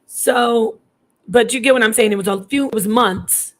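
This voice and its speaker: A woman's voice: fairly high pitch, moderate pace. A woman in her thirties telling a personal story in a casual, digressive way, restarting sentences and acting out what people said. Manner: chatty, digressive, restarts often, acts out quoted voices.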